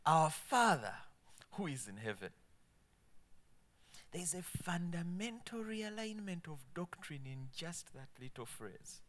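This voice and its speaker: A man preaching a sermon, quoting scripture emphatically and dropping to soft asides. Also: fairly high pitch, sing-song, a little slow. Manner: emphatic, swinging between loud proclamation and soft asides.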